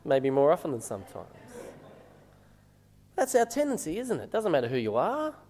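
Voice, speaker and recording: A man's voice: a little high, wildly swooping pitch, moderate pace, a little mellow, big-room sound. A man preaching a sermon as a minister, talking conversationally and asking the congregation rhetorical questions.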